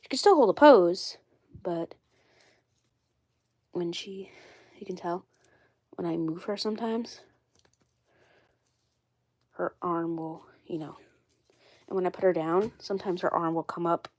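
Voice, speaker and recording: A woman's voice: on the low side, unhurried, long pauses, darkish tone, no room sound. A woman with a cold, sounding congested, chatting casually on a live stream and rambling with lots of fillers and repeats. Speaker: doll collector vlogger.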